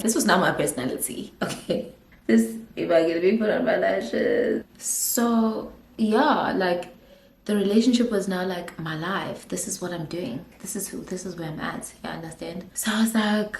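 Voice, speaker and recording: A woman's voice: mid-range voice, normal speed, darkish tone. A young South African woman telling a personal story in a chatty vlog, slipping in isiZulu phrases. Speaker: YouTuber. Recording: roomy echo.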